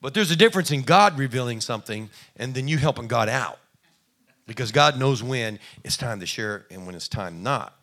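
A pastor with a mid-range, fairly bright voice preaches at an ordinary pace, sounding expressive. His sermon is folksy and conversational, and he acts out small quoted exchanges.

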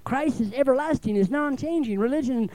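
A man's voice: very high-pitched, brisk, mellow, poor audio. A man preaching a sermon in a folksy way, often calling out for an amen. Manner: folksy, calls for amens, acts out little dialogues.

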